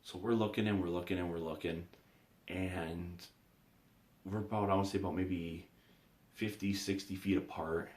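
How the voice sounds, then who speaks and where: Low-voiced rambling storyteller man. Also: steady tone, normal speed, pauses often, darkish tone. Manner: rambling, repeats himself, frequent restarts. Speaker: vlogger. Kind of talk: casual storytelling. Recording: echoey room.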